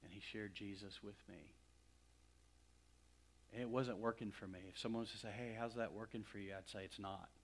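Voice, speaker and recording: A middle-aged man from West Texas preaching a sermon, swinging from loud emphatic lines to hushed near-whispers. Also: on the low side, steady tone, moderate pace, pauses often. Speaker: pastor.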